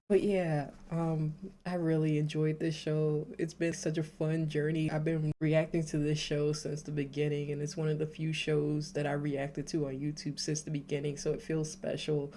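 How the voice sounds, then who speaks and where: A woman's voice: low-pitched, flat delivery, normal speed, dark tone, a little hiss or hum. A woman hosting a reaction video, chatting casually and rambling, with frequent nervous laughs and false starts. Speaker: YouTube reaction host.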